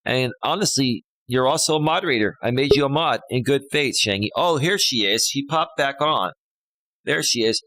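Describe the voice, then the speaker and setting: A man's voice: medium pitch, lively intonation, normal speed, pushed and bright, no echo, rough recording. A man hosting a casual live stream as a life coach, chatting, reading viewer comments aloud and giving relationship advice into a studio microphone.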